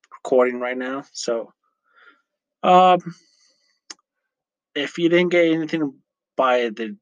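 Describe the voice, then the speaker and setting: Slow-talking man with a dry podcast mic. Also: mid-range voice, no room sound. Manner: rambling, chatty, self-correcting with frequent fillers. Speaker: podcast host. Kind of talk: casual solo podcast chat.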